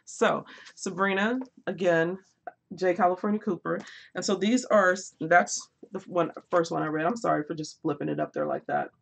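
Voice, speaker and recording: A woman's voice: lowish voice, normal speed, gravelly. Chatty laughing woman on a book live stream. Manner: laughs often, chatty and lively, reads out viewer comments. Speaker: booktube live stream host. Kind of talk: casual live-stream chat with viewers.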